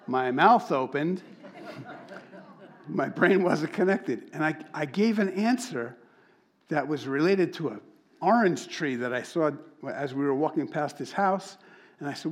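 A middle-aged man preaching, telling a personal story with lively energy and acting out the voices of people he met. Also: on the high side, measured pace. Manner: animated storyteller, acts out quoted voices. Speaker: pastor. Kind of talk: sermon storytelling.

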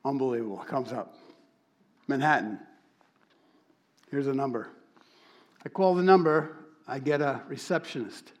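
A man preaching to a congregation, telling a story and acting out the dialogue with lively, animated delivery. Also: mid-range voice, unhurried, pauses often. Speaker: church speaker.

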